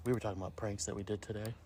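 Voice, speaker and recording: A man telling a prank story on a casual podcast, often jumping into high squeaky voices when he quotes people. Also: fairly even intonation, fairly quick, background noise. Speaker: podcast co-host.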